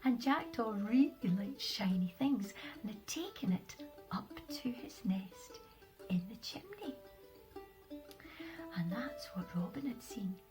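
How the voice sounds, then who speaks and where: A woman with a Scottish accent reads her children's story aloud, expressively and with dramatic pauses. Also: medium pitch, sing-song, music in the background, rough recording. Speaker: author reading her own stories.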